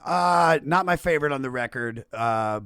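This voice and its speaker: A man hosting a casual podcast, throwing in quick jokes and reactions. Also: mid-range voice, fairly bright tone, clean tone, no echo, studio quality. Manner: quick reactive interjections and laughs. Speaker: podcast host.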